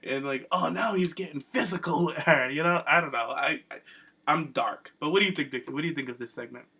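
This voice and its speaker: A man's voice: a little high, fast talker, sharp tone, slightly rough. A man co-hosting a casual wrestling podcast, gushing and campy, full of slang. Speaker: podcast co-host.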